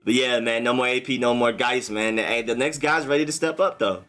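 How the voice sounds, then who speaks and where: A young man hosting a casual live stream. He reacts to viewer comments in a relaxed, chatty way and enunciates carefully in his broadcaster voice. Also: mid-range voice, brisk, faint music behind. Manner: relaxed, chatty, answers chat comments one by one. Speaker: livestream host.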